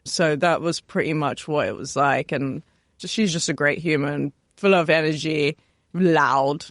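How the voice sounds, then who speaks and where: A young woman chef from West London with a West London accent, chatting relaxed in an interview, laughing often and filling with "you know". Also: sits low, a little slow, no echo, studio quality. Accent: West London English. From West London, England. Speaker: chef, guest. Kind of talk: casual interview chat.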